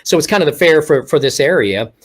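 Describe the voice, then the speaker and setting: A man with a somewhat high voice talks over a video call. He tells his stories in an animated way and acts out what people said along the way. He grew up in Texas but has no regional accent. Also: fast. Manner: animated storyteller acting out quoted remarks. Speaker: guest, ventriloquist. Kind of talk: casual storytelling interview.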